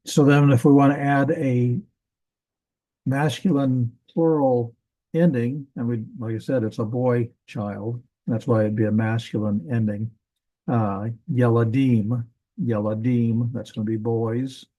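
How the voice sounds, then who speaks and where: Mellow-voiced man teaching Hebrew grammar. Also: medium pitch, fairly even intonation, unhurried, low-quality recording. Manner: casual, thinking aloud with self-corrections. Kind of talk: classroom grammar lesson.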